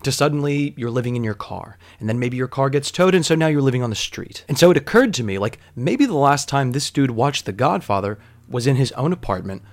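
A man telling a long story in a casual, rambling way, wandering into digressions and scattering fillers as he goes. His voice sits at an ordinary pitch. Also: expressive, fairly quick, few pauses.

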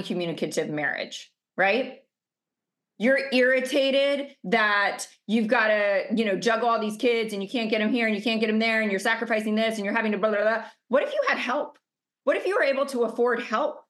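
A woman's voice: fairly high pitch, a bit bright. A middle-aged woman coach giving an emphatic motivational masterclass over a video call, stacking up rhetorical questions. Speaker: business coach.

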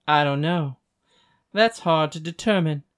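A gentle young man asks soft, hesitant questions, as a voice actor reads him. The voice has a medium pitch and fits a romantic audiobook scene. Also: measured pace, clear, resonant tone, lightly acted. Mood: tender. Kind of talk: audiobook dialogue reading.

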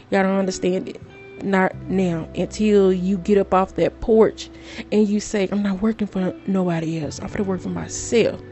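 A woman's voice: mid-range voice, dark tone. A woman podcast host, talking straight to her listeners in an emotional, preachy way. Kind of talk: casual monologue.

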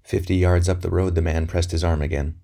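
A deep-voiced man narrates a novel aloud, steady and measured. His delivery is even and unhurried, carrying the story along. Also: creaky. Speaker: audiobook narrator.

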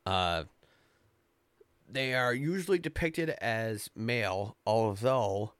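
A man hosting a casual podcast, reading folk tales aloud slowly with frequent fillers and stumbles and the odd curse. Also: on the low side, expressive, fairly bright tone, clean tone, no echo. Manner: slow, stumbling read-aloud with filler and cursing. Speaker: podcast host. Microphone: close podcast mic.

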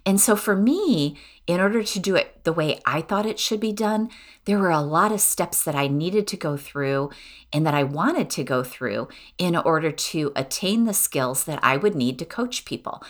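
Solo podcast host, woman, deep register, chatty and earnest life-coach delivery. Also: animated, normal speed. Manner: chatty, earnest, self-deprecating.

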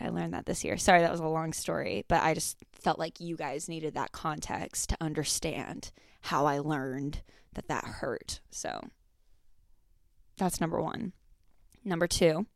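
A young woman in her twenties hosts her own podcast and tells a rambling story. She talks casually, with lots of asides and fillers. Her voice sits a little low and sounds smooth and clear, recorded dry and close. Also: no echo. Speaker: podcast host.

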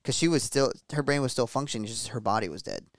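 A man co-hosting a podcast, calmly summing up a film's ending with fillers. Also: mid-range voice, fast, no echo, clean studio sound. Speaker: podcast co-host. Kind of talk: casual chat.

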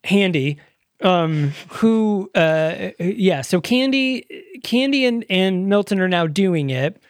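A young woman co-hosting a podcast and retelling a movie's plot in relaxed, casual chat. She recaps loosely and swears freely. Her voice sits at a middle pitch, with dry, close sound. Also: slow pace, no echo. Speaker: podcast co-host.

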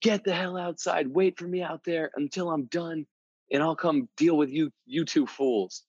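A man's voice: a little high, steady tone, normal speed, slightly rough, no echo, voice pushed up. A man putting on the voice of an angry college football coach who scolds two latecomers. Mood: furious scolding. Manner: yelling, scolding. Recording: dull, dry sound.

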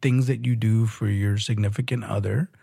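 A man's voice: lowish voice, steady tone, normal speed, vocal fry, warm tone, husky, no echo, studio quality. A man co-hosting a casual relationship podcast, bantering playfully and laughing often. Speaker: podcast co-host.

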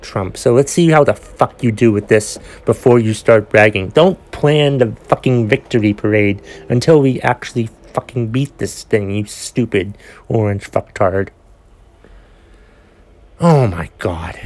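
A man hosting his own podcast, ranting in a profane, exasperated way and rambling with frequent restarts. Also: medium pitch. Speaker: podcast host. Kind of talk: solo podcast rant.

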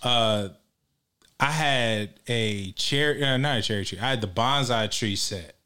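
Guy hosting a chill podcast, rambles, lots of uhs and likes, normal pitch. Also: measured pace, pushed and bright, smooth. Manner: rambling, laughing, lots of fillers. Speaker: podcast host. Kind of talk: casual chat.

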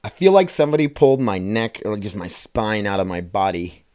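A man's voice: lowish voice, big pitch swings, a little fast, darkish tone, dry recording, clean studio sound. A man hosting his own podcast, rambling, swearing and emotional, calling the listeners "you guys.". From United States. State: emotional, choked up. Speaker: podcast host. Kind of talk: casual solo podcast monologue.

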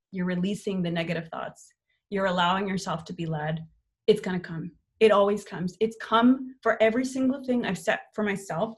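Young woman coach running a live online workshop, lowish voice, upbeat, swears casually. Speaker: workshop host and life coach.

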